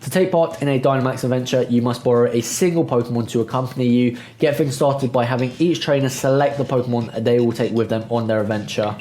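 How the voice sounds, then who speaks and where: A man's voice: mid-range voice, fairly even intonation, fast, few pauses, mellow, echoey room, lightly acted. A man voicing a prim, courteous woman who keeps a game's raid den, in a posh English accent. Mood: explaining. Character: prim, polite female raid den keeper.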